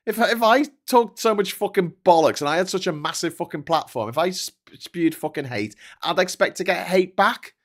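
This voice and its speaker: A man's voice: on the high side, expressive, moderate pace, fairly bright tone. A man hosting a livestream, reading viewer comments and ranting with heavy swearing and frequent laughter. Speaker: host. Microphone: desk microphone.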